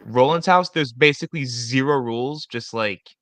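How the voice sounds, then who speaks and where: A man's voice: medium pitch, normal speed, fairly bright tone, no room sound. A man in a casual podcast chat, talking hesitantly with many fillers.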